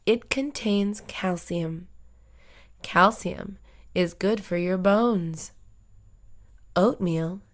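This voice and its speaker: Woman reading simple stories slowly. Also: on the low side. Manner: slow, even, carefully spaced sentences. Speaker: English lesson reader.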